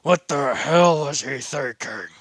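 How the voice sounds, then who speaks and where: A man voicing a stern, scornful old grandfather who grumbles slowly in a low voice. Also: a bit bright, dry recording, clean studio sound.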